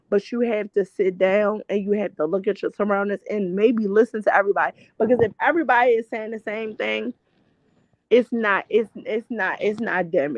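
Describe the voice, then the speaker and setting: A woman's voice: on the high side, no room sound. A woman hosting a casual gossip chat, talking bluntly with lots of swearing and stop-start restarts. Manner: blunt and profane, rambling restarts. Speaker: host. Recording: dull lo-fi dry sound.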